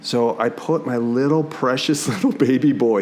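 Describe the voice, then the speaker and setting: A man from the Philadelphia area, a podcast guest telling stories in casual conversation and jumping into high voices when quoting himself. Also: normal speed, a little hiss or hum. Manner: warm storyteller, jumps into high quoted voices.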